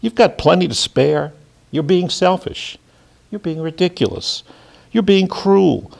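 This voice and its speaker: A man's voice: high-pitched, a little slow, vocal fry, darkish tone, voice pushed up. A man reading a menacing monologue aloud as a sinister seducer who repeats himself insistently.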